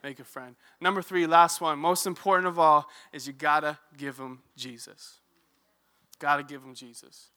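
A young man preaching a sermon in a church, telling stories in a lively, conversational way with joking asides. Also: a little high, normal speed. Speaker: youth ministry director. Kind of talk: sermon with storytelling. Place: church sanctuary.

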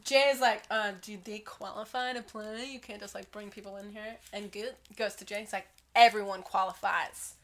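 A woman's voice: mid-range voice, fairly even intonation, brisk, few pauses, a bit bright. A young woman co-hosting a podcast, casually recapping a film and swearing freely. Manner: laid-back retelling, swears freely. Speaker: podcast co-host.

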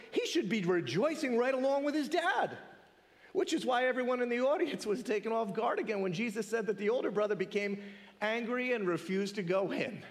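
A man with a high-pitched voice preaches a sermon in an animated, conversational way, often posing rhetorical questions. His voice trails off into a long reverb tail.

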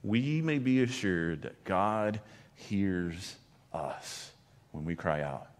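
A man's voice: low-pitched, animated. Earnest male pastor preaching in a hall. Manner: earnest preaching, swinging between loud emphasis and quiet slow lines. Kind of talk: sermon. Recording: long hall reverb.

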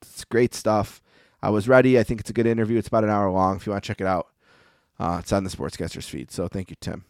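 Male podcast co-host, low voice, dry booth, relaxed rambling delivery. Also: fast, no room sound. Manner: rambling, easygoing, many fillers. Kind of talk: casual chat.

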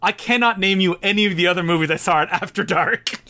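A man co-hosting a podcast in casual chat, animated and laughing often. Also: high-pitched, fast. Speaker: podcast co-host.

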